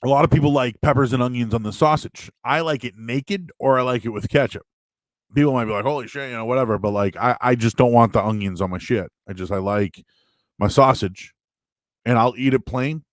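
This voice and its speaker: A man hosting a show, chatting casually and answering viewer questions in a rambling, animated way with sudden loud, high bursts. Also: fairly quick, no echo. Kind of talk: casual live-stream chat.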